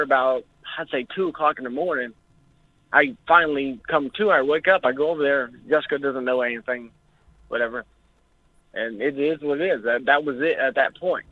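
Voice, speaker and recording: The medium-pitched voice of a young man comes through a tinny phone line with no echo. Calling in to a talk show, he shares his experience with lots of emotion and nervous energy, cursing often.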